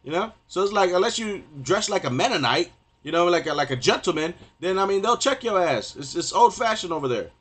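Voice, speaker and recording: A male streamer delivering a rambling, profane rant live, constantly repeating filler phrases and getting loud and heated at times. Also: high-pitched, lively intonation, brisk, husky. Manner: profane, rambling, repeats "you know what I mean".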